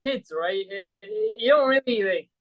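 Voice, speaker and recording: This Saudi man speaks at a high pitch with an expressive delivery and normal speed, and the audio sounds dull. He's a podcast guest spinning a story in relaxed conversation, wandering off track and leaning on "like" and "right?" constantly.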